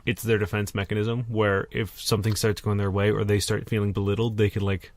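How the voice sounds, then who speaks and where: A man's voice: on the low side, flat delivery, brisk. A man co-hosting a podcast in casual chat, blunt and sarcastic with lots of swearing. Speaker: podcast co-host.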